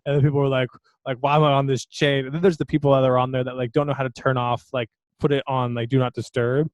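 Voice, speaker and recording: A man's voice: mid-range voice, little pitch movement, fast, dry recording. A man co-hosting a podcast, telling a story in a loose, laughing way with lots of fillers. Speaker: podcast co-host. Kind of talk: casual chat.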